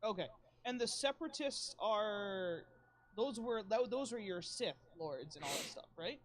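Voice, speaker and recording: A woman's voice: mid-range voice, animated, measured pace. A woman co-hosting a podcast in casual chat, laughing often and asking curious questions. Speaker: podcast co-host.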